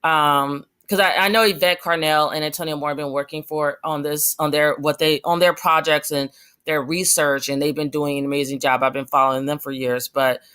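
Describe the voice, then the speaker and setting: A woman's voice: deep voice, steady tone, moderate pace, a bit bright, smooth. A young adult woman giving passionate, rambling commentary on her vlog, with many fillers and restarts. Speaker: vlogger.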